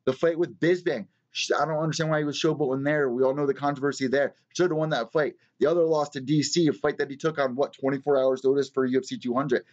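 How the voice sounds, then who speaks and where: A man's voice: medium pitch, steady tone, fast, few pauses, darkish tone, lo-fi sound. A man hosting a live-streamed fight news show from his small apartment, ranting and swearing a lot in casual commentary. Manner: profane, heated ranting. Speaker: MMA news show host.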